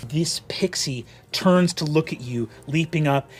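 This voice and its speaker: A man's voice: on the high side, a little slow, few pauses, slightly rough. A man narrating a tabletop fantasy game as game master, with vivid, descriptive storytelling.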